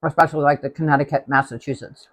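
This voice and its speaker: A man's voice: on the high side, fairly even intonation, fast. A man hosting a live cooking stream, chatting casually and rambling as he tastes the food. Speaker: cooking show host.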